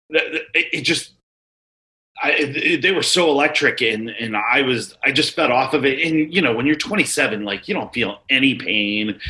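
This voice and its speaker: Male, 40s, bright edgy timbre; rambling, profane podcast guest storyteller. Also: mid-range voice, low-quality recording. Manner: animated, profane, rambling anecdotes. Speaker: guest, former wrestler. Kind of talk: casual storytelling.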